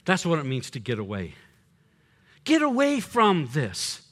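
An older man, a pastor preaching a sermon, swinging between loud punchy lines and quiet low drops. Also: huge pitch swings, measured pace.

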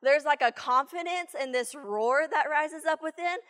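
A woman preaching a sermon, telling a story from her teaching days in an animated, chatty way with many fillers. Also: high voice, normal speed, big-room sound. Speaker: church speaker, former teacher.

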